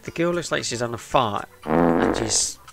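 A man's voice: fairly low pitch, sing-song, unhurried, creaky, soft background music. A man giving chatty, jokey let's-play commentary and talking to the characters on screen. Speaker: gaming YouTuber.

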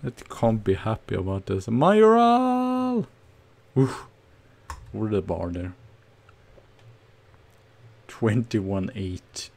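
A man streaming a football management game, commenting casually on each play with nervous excitement and sudden shouts. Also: deep voice, takes it slowly, vocal fry, long pauses, slightly rough. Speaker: gaming streamer.

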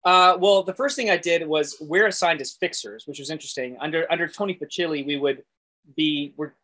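Animated, laughing man telling stories. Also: on the high side, fairly quick. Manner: animated, acts out quoted voices, laughs often. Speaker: guest animator. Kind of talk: casual interview storytelling.

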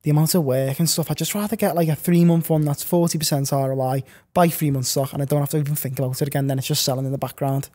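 A man's voice: a little high, steady tone, fast talker, few pauses, a little mellow. A young man chatting as a podcast guest, telling long stories full of fillers and restarts. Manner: rambling, filler-heavy storytelling. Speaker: podcast guest, online reseller. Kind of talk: casual podcast chat.

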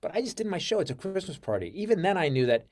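A man with an American accent, a comedian telling stories in a casual interview, swearing freely and acting out quoted lines loudly and high. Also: racing. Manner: profane, excitable, acts out quotes with big jumps in pitch and loudness. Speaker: comedian guest. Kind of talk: animated storytelling in casual interview.

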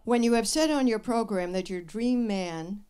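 An older woman hosting a live advice show, telling stories and answering questions in a blunt, wry and lively way. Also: on the high side, moderate pace, smooth. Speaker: radio advice host. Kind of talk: live show talk with an audience. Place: radio studio with live audience.

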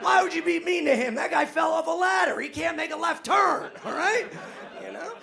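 A man's unusually high, gravelly voice bounces all over the place as he tears through a manic stand-up set. He laughs at his own jokes and mocks himself at full volume. The audience can be heard around him in the live club recording. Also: expressive, moderate pace, bright, forceful tone, raised voice, some chatter behind. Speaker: stand-up comedian. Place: comedy club stage in front of a live audience.

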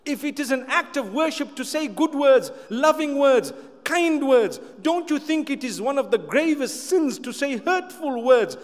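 High-voiced male preacher in a reverberant hall. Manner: emphatic, repeats key phrases, light humorous asides. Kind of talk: sermon to a live audience. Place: large hall with an audience.

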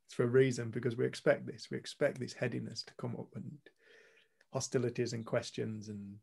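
This man co-hosts a retreat and tells his story bluntly and earnestly, with the odd swear word. His voice has a gravelly rasp, and a husky roughness sits under it. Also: medium pitch, flat delivery, fairly quick, a little mellow. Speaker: retreat co-host. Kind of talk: candid storytelling talk to a group.

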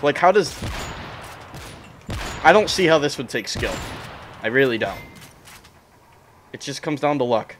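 A man's voice: medium pitch, animated, unhurried, long pauses, fairly bright tone, slight background noise. A young man ranting and swearing in frustration while commenting on his own gameplay. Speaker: gaming streamer.

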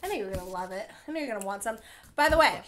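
A woman's voice: mid-range voice, expressive, rapid-fire, fairly bright tone. A young adult woman, a co-host, chatting casually at home while eating on camera and asking lots of follow-up questions. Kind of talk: casual chat during a mukbang.

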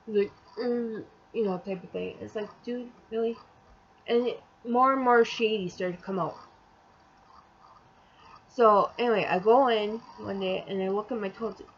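A woman's voice: mid-range voice, moderate pace, husky, dull audio. A young adult woman telling a storytime vlog in casual chat, rambling and exasperated, acting out the quotes as she goes. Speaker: vlogger.

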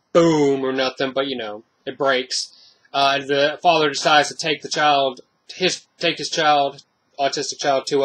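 Man, slightly higher-pitched voice, casual movie review, rambling, blunt. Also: a bit bright.

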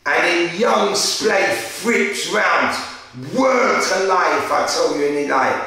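A young man with a London accent spins a slang-heavy story in a lively, animated way. His voice is bright and a little high, and he sits away from the mic in a very echoey room. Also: slow pace, distant mic. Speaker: interviewer. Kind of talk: casual storytelling.

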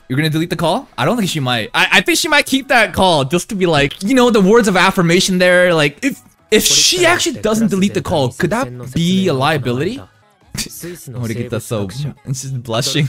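A man's voice: a little high, sing-song, fairly quick, a bit bright, soft background music. A man streaming an anime reaction, chatting casually, laughing often and talking to the characters on screen. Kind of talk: casual live reaction commentary.

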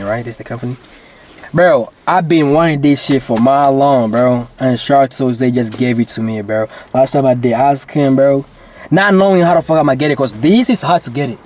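A man's voice: mid-range voice, a little hiss or hum. A man vlogging to his viewers in casual chat, rambling and slangy, swearing and saying bro constantly.

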